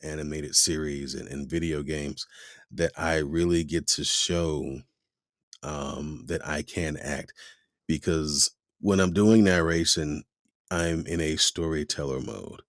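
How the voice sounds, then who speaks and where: A man's voice: a bass voice, slow pace, dry recording, clean studio sound. A man, a voice actor, chatting casually in an interview and acting out quoted voices as he talks. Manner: animated, acts out quoted voices. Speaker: voice actor guest.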